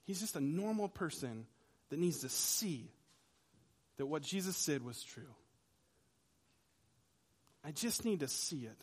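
A man preaching a sermon in a conversational way, swinging between loud emphasis and quiet, hushed lines. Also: a little high, animated, unhurried, long pauses, husky. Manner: dramatic shifts between loud and soft. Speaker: pastor.

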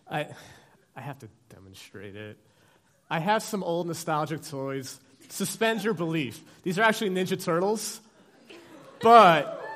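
Animated man telling a sermon story. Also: a little high. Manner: animated storytelling with acted dialogue. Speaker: pastor.

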